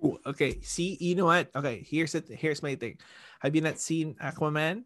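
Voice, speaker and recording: A man chatting casually about superhero films, excitable and ranting, laughing often and swearing. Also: a little high, normal speed, no room sound.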